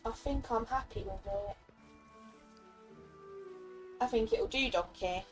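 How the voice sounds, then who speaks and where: A woman's voice: a little high, slow pace, faint music behind, low-quality recording. A young woman streaming a game, chatting casually with viewers, laughing often and briefly slipping into playful character voices. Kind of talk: casual live-stream chat.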